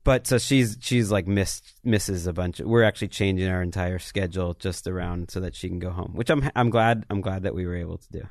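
Deep-voiced rambling man on a podcast. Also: brisk, gravelly, few pauses, no room sound, clean studio sound. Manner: earnest, rambling, with many fillers. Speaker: podcast co-host, football analyst. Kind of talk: casual chat.

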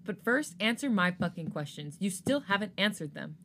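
A woman's voice: mid-range voice, sing-song, moderate pace, fairly bright tone, a little hiss or hum. Woman voicing a growling young man, swearing, hostile, storybook reading. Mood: angry. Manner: growling, cursing. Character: angry protective young man.

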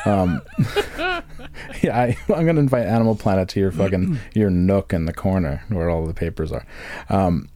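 A man's voice: sits low, moderate pace, dark tone. A man co-hosting a podcast, rambling crudely and jokingly in a casual comedic chat. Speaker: podcast co-host.

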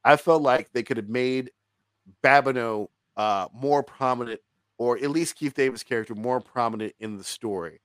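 A man's voice: medium pitch, moderate pace, a bit bright, clean tone, no echo. A man co-hosting a movie review podcast in casual chat, emphatic, swearing freely and laughing often.

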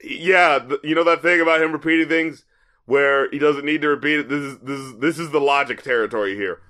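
Exasperated man with a higher voice. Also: fairly quick, sharp tone. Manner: exasperated, swears a lot, reads lyrics aloud in mocking voices. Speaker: music critic co-host. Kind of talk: casual review chat.

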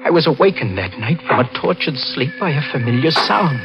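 A man's voice: mid-range voice, very animated, a little fast, lo-fi sound. An actor in an old radio drama playing a nervous young man who murdered his uncle, stammering as fear takes hold. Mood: tense narration. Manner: nervous, stammering, rising to panic. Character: young man, guilt-ridden nephew turned murderer. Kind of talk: 1940s radio drama acting. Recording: old radio recording with music bed.

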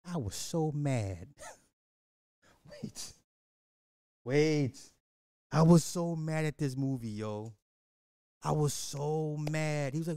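A man's voice: on the high side, takes it slowly, pauses often, warm tone, no room sound, studio quality. A man hosting a podcast, animatedly recapping a movie, repeating phrases and acting out the characters. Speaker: podcast host. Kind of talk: casual movie recap commentary.

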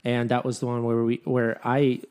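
A man co-hosting a podcast in casual chat, excitable and quick to jump in. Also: medium pitch. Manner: excitable, animated, jumps in often. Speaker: podcast co-host.

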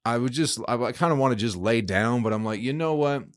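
A man's voice: medium pitch, fast talker, no echo, studio quality. A man hosting a podcast, telling a rambling, profanity-filled story in a casual monologue. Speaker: podcast host.

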